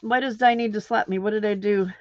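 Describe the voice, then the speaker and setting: A woman's voice: medium pitch, steady tone, quick pace, a little mellow, dry recording. A woman hosting a late-night crafting livestream, chatting with viewers and giggling often. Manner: chatty and giggly, answering comments while crafting. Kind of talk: casual chat with live chat viewers. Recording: dull, muffled lo-fi stream audio.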